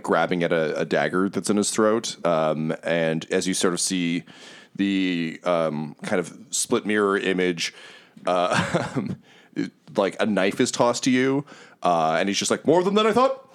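Here is a man with a low, deep voice, narrating as game master for a tabletop role-playing session. He talks casually and hesitantly, filling his sentences with ums and uhs as he describes the scene. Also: steady tone, unhurried, clean tone.

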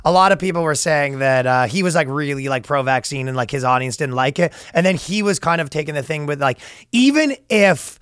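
A man's voice: fairly high pitch, a little fast, fairly bright tone, smooth, no room sound, clean studio sound. A man co-hosting a casual comedy podcast, rambling with many restarts and frequent laughs. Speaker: podcast co-host.

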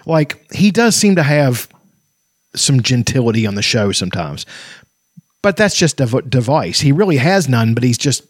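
A man's voice: mid-range voice, big pitch swings, normal speed, no room sound, studio quality. A man in casual chat who swears freely, tells rambling stories and laughs often.

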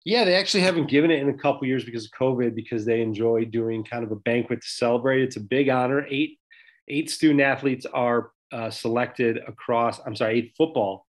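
Male podcast co-host, mid-pitched, chatty and loose, lots of filler words. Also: fairly quick. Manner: conversational, many fillers and restarts. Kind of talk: casual sports podcast chat.

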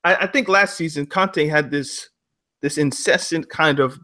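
A man with a bright, fairly high voice hosts a casual football podcast. He talks in a relaxed way, pausing on ums as he reads out listener reviews and chats with his co-host. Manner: relaxed, hesitant with frequent ums.

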